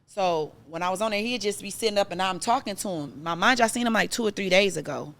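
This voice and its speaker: A woman guest telling her personal story in casual podcast chat, animated and emotional, with many fillers. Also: medium pitch, fast talker, gravelly.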